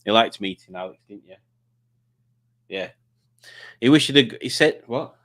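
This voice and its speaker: A livestream host runs a live quiz, chatting casually, reading comments and teasing, with many stumbling restarts. His medium-pitched voice is expressive, unhurried and a bit bright.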